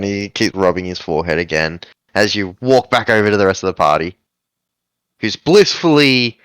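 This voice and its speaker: A man's voice: low voice, fairly bright tone, clean tone, dry recording, low-quality recording. A man narrating a tabletop role-playing game as game master in a casual, descriptive way.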